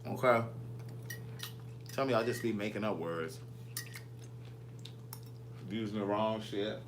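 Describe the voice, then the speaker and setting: A man's voice: on the low side, slow, background noise. A man, chatting casually from his home kitchen as a vlogger, playfully answering viewer comments. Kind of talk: casual live chat with viewers.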